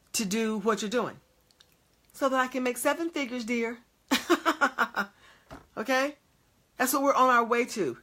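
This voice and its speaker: A woman's voice: mid-range voice, fairly bright tone. A woman preaching an emphatic motivational sermon, repeatedly checking in with her audience.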